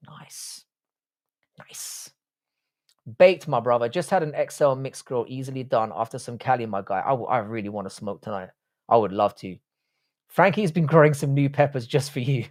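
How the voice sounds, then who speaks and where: A man's voice: mid-range voice, a little mellow. Man, casual livestream chat, blunt, heavy swearing, answers viewer questions. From Irish, raised in southwest London. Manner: blunt and profane, reads chat questions aloud then answers.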